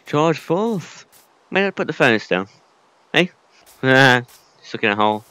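A man's voice: medium pitch, expressive, moderate pace, bright, forceful tone, smooth, no echo. A young man casually commenting while playing a survival game, muttering to himself with mild swearing. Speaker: gaming video creator. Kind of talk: casual let's-play commentary.

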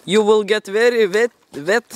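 A man's voice: high-pitched, normal speed, a little hiss or hum. A man vlogging outdoors by a forest river, in a teasing, mock-dramatic way, talking to his viewers. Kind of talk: playful outdoor vlog commentary.

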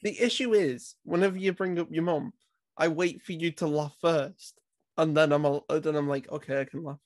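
A man's voice: on the high side, normal speed, no echo, studio quality. Awkward giggly young man. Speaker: co-host. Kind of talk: casual podcast chat. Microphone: desk mic that crackles.

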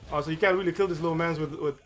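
A man giving casual gameplay commentary, excited and often stumbling and repeating words. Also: fairly high pitch, very fast, faint music behind. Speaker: gamer.

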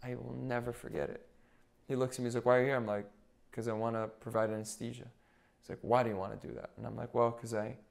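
Animated male storyteller on a podcast. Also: medium pitch, vocal fry. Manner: animated storyteller who quotes what others said. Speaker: podcast guest, nurse anesthetist. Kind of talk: casual storytelling chat.

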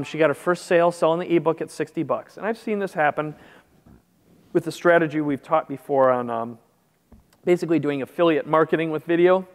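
A man's voice: fairly high pitch, long reverb tail. A man presenting a marketing seminar in a conversational way, often checking in with the audience. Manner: conversational, checks in with "make sense?". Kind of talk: seminar talk with slides.

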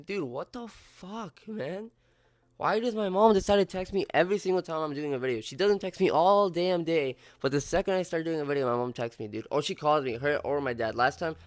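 A man's voice: medium pitch, no echo. A young man with a cold, casually commentating a racing game and cursing at his rivals and his phone. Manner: swearing, animated outbursts at the game. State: sick, congested. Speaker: gaming YouTuber. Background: faint background music.

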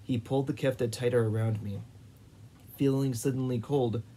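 Mellow male audiobook reader. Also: mid-range voice, steady tone, normal speed, a little hiss or hum, low-quality recording. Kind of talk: reading a novel aloud.

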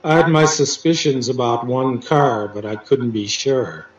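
A man, a poet, telling stories as an interview guest in a halting way, with many restarts and dry teasing. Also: medium pitch. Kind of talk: casual storytelling interview. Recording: roomy, distant, dull sound with faint music.

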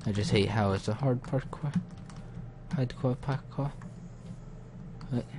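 A man's voice: lowish voice, fairly quick, very noisy. A young man muttering to himself as he comments casually on his game, getting easily frustrated. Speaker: gaming channel host.

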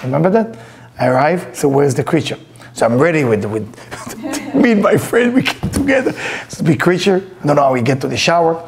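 A middle-aged man lectures as a spiritual teacher, telling personal stories and acting out the voices in them. His English carries non-native grammar. His voice sits a little high and has a gravelly rasp. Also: big pitch swings, a little fast, a little hiss or hum. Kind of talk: storytelling lecture.

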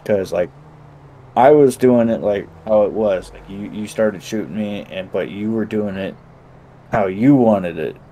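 Deep mellow guy casually retelling a game rp bit, does both sides of the convo, swears a lot, faint hiss behind. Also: unhurried, rough recording. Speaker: gamer recounting a roleplay session. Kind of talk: casual chat.

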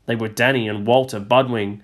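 A man teacher reading a storybook aloud to a class, measured and expressive. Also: medium pitch.

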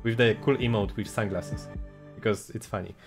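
A man streaming a game, chatting casually and excitably, reading chat and game text aloud. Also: fairly low pitch, moderate pace, vocal fry. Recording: game music playing under the voice.

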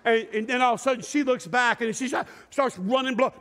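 Animated high-voiced pastor in a reverberant hall. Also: male voice, brisk. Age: middle-aged. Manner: animated storyteller, acts out scenes with shouts and laughter. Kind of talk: sermon with storytelling. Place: large church sanctuary.

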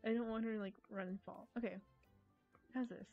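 An American woman chats through a live game stream, giggling and teasing herself as she rambles. Her voice sits at a middling pitch. The sound is a bit muffled, with soft music underneath. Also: fairly even intonation, racing. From United States. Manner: giggly, rambling, self-mocking. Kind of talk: casual live-stream chatter. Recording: dull lo-fi stream audio with faint music.

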